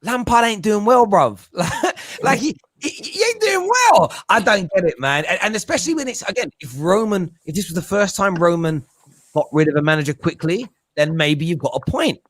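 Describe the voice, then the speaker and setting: A man chatting casually as a football podcast pundit, animated and joking, slipping into mimicking voices. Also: high-pitched, moderate pace, dry recording.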